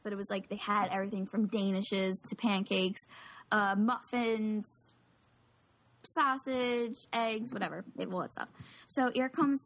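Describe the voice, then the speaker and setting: A woman telling a story in casual chat, rambling and peppering her talk with "like". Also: mid-range voice. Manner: rambling, heavy use of "like", chatty.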